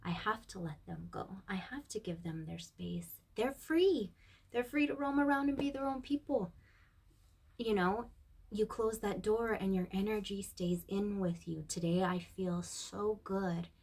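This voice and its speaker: A woman talks slowly and softly in a heartfelt personal monologue, recorded on her phone indoors. Her voice is husky and often slips into a breathy near-whisper. She stays at a middle pitch for a woman. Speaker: vlogger.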